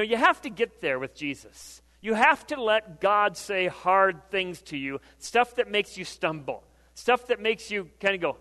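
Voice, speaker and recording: Speaking with a sharp tone and high pitch, a pastor preaches in a very animated yet measured way, talking conversationally and frequently questioning his congregation. A long reverb makes it sound like a church sanctuary.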